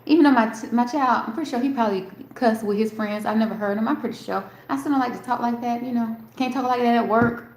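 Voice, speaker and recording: A woman's voice: a little high, fast talker. A woman hosting a casual live stream, rambling and talking straight to her chat, swearing freely. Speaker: livestream host. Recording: roomy echo.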